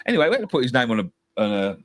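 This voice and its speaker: A man's voice: mid-range voice, big pitch swings, very fast. A middle-aged man from England, a football fan talking passionately, swearing and repeating himself. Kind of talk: heated fan-show chat.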